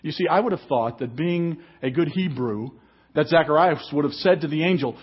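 Pastor guy preaching, kinda husky and higher pitched, dull lo-fi recording. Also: moderate pace. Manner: emphatic preaching, reads scripture aloud. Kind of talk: sermon. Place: church service.

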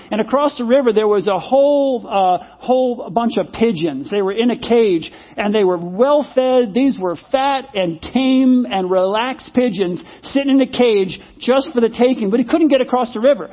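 High husky-voiced preacher telling a story. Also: male voice, dull audio. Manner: conversational, repeats phrases, asks the audience. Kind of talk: sermon with storytelling.

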